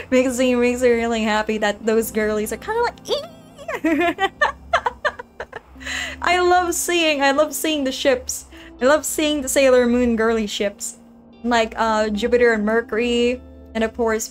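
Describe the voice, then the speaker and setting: A woman streaming a game, chatting casually to her viewers, giggling and rambling as she plays. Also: fairly high pitch. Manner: giggly, rambling, talks to chat. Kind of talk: casual gaming stream chat.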